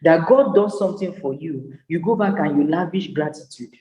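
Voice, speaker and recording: A man lectures with an emphatic, repetitive, preacher-like cadence. His voice sits fairly high but sounds dark and mellow in tone. The sound rings with a long reverb, as in a big hall. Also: normal speed. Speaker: business psychologist and speaker. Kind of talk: motivational lecture.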